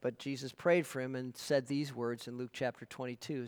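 A man's voice: medium pitch, steady tone, normal speed, hardly any pauses, a little mellow, smooth. A man preaching a sermon as pastor. He speaks earnestly and emphatically and tells stories to his congregation. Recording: long hall reverb.

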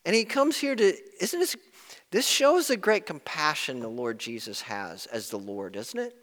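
A man preaching a sermon in an earnest way, rising to loud emphasis and dropping to hushed tones when quoting. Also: on the high side, animated, moderate pace, long reverb tail. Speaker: pastor.

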